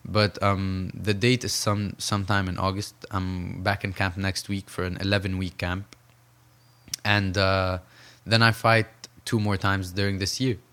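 A man's voice: low-pitched, little pitch movement, measured pace, sharp tone, clear, resonant tone. A young man from Saudi Arabia, a professional boxer, talking earnestly in an interview and repeating phrases for emphasis. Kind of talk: reflective interview conversation.

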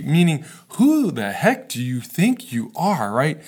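A man's voice: fairly high pitch, wildly swooping pitch, slow pace, breathy edge. A man preaching a sermon to viewers in a casual, earnest way, often checking in with the listeners. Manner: conversational, earnest, frequent "right?" asides. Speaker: pastor. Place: recorded for online viewers.

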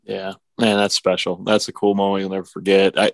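A man's voice: low voice, flat delivery, brisk, creaky, no echo. A man hosting a casual chat, easygoing, answering with short replies and his own anecdotes.

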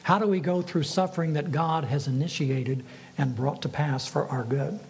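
A man with a somewhat high voice delivers a sermon at an even, deliberate pace. He asks his listeners questions and lets them sit. A light background hiss runs under the recording. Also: gravelly, low-quality recording. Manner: measured preaching with rhetorical questions. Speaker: pastor.

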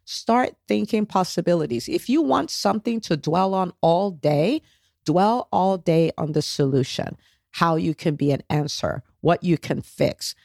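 A woman's voice: lowish voice, creaky, darkish tone, no echo, clean studio sound. A woman hosting a motivational solo podcast, coaching listeners directly and checking in with frequent "okay?"s, with an encouraging, faith-based tone. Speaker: podcast host.

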